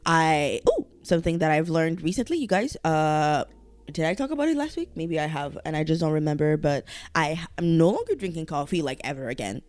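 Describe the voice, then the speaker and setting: A woman's voice: low voice, big pitch swings, brisk, a little mellow, no echo, faint music behind. A woman hosting her own podcast in a casual, rambling solo chat. She swears freely, trails off, restarts her sentences and speaks candidly. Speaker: podcast host.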